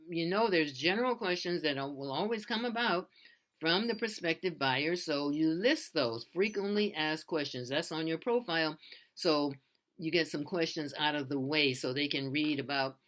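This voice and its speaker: Casting: bright, forceful-toned freelancer, rambling tutorial advice, earnest and unpolished. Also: medium pitch. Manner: earnest, loose and repetitive, with many restarts. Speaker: freelance voiceover artist. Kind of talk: casual how-to advice talk.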